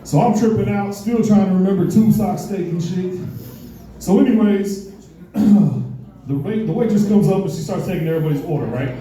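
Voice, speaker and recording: Profane stand-up comic in an echoey room. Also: male voice, sits high, normal speed, dark tone, distant mic. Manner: profane storytelling with put-on voices. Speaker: stand-up comedian. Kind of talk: stand-up set at an open mic. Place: bar or club open mic stage.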